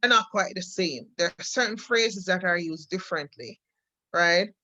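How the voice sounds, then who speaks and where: A woman's voice: fairly low pitch, normal speed, sharp tone, no room sound, poor audio. Jamaican woman explaining with examples. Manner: explains with examples, repeats words. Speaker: co-host. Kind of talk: casual chat.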